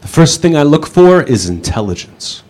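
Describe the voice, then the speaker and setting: A male stand-up comedian delivering dry, deadpan one-liners on a club stage. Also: on the high side, moderate pace.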